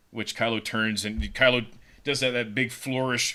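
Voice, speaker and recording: A man co-hosting a podcast, pitching a story casually with lots of fillers and repeated words. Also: flat delivery, normal speed, sharp tone. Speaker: podcast co-host.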